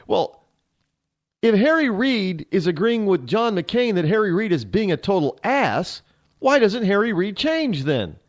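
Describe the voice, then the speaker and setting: A male radio host rants through an opinion monologue, sarcastic and rambling, often restarting his sentences. His voice sits a bit high and swings up and down a great deal. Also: very animated, normal speed. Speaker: radio talk show host.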